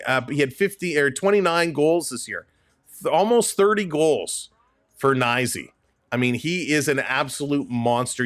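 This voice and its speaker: A man's voice: medium pitch, fairly bright tone, dry recording. Chatty male stream host, emphatic and repetitive, dry close sound. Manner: chatty, emphatic, repeats himself. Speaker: livestream host. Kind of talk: casual hockey talk reading chat.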